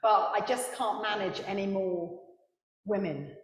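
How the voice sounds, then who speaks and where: A woman author speaking on a book festival panel, animated, with quick asides and laughter at her own stories. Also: medium pitch. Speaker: author and historian. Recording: echoey hall with long reverb.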